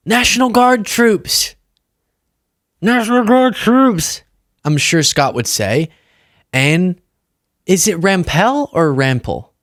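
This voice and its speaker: A man's voice: on the high side, no echo. Sarcastic man hosting commentary, dry sound. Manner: sarcastic, joking asides. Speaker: political commentary host. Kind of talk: online political commentary.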